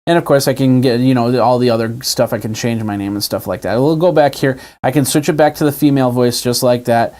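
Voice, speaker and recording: A man's voice: mid-range voice, fairly even intonation, brisk, hardly any pauses, darkish tone. Male tech host, casual and talky, mid-range voice, showing features as he goes. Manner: chatty, demonstrating on screen as he talks. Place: indoors at a desk with a TV and monitor.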